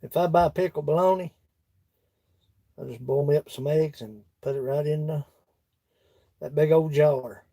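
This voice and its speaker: A man's voice: fairly high pitch, normal speed, creaky, long pauses, dark tone, no echo. A man with a Kentucky accent chatting casually with his livestream viewers in a folksy, laughing country drawl. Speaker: woodworking livestream host. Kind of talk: casual chat reading live comments.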